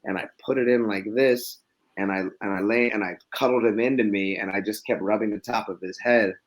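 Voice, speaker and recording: A man's voice: on the low side, steady tone, brisk. A middle-aged man in a casual podcast conversation, telling stories reflectively with many restarts.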